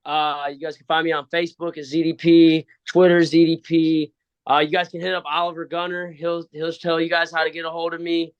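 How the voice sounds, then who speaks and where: A man's voice: on the high side, completely flat delivery, brisk, clean tone, muffled recording. A man being interviewed on a podcast, answering in a laid-back, slangy, joking way. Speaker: wrestler guest. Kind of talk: casual interview chat.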